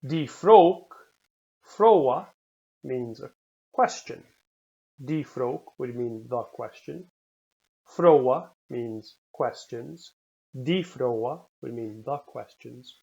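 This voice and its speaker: Man teaching slow pronunciation drills. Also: medium pitch, vocal fry, a little mellow, lo-fi sound. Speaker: language teacher. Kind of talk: recorded language lesson.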